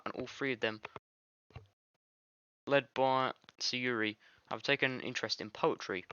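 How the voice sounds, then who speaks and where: A man's voice: mid-range voice, steady tone, a little slow, long pauses, pushed and bright, smooth, no echo, lo-fi sound. A man casually reading a visual novel aloud for a let's play, fumbling and self-mocking.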